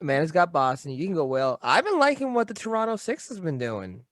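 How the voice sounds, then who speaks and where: A man's voice: fairly high pitch, sing-song, fast talker, fairly bright tone, no echo, studio quality. A man hosting a sports podcast in casual chat, teasing his co-hosts and keeping the talk moving. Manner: wry, teasing, steers the conversation. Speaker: podcast host.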